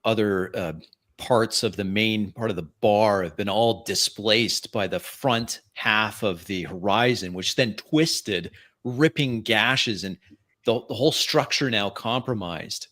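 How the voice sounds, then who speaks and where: Male game master narrating a tabletop game, unhurried and halting, bright voice. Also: on the low side. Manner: halting descriptive narration with fillers. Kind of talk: narrating a tabletop role-play.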